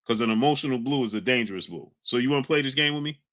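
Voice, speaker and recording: A man with a mid-range voice hosts a live stream at a rapid-fire clip, shouting out chat names and arguing hotly with viewers. His heated talk is combative throughout.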